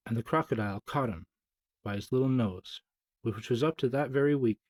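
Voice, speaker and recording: A man reads a children's story aloud, measured and gently dramatic, and drops softer for the asides. His voice is husky and mellow. The recording is dry and close. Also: mid-range voice, no room sound, poor audio.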